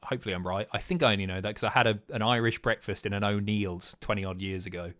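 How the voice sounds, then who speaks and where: A man's voice: fairly low pitch, steady tone, fast talker, a bit bright. A man hosting a live stream, chatting casually, swearing and guessing aloud as he reads chat. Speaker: streamer host.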